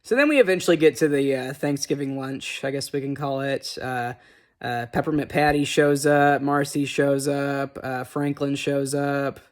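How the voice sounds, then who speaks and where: A movie reviewer casually recaps a cartoon special, rambling and cursing freely with lots of fillers and restarts. His voice is medium-pitched and steady in tone, at a normal speed.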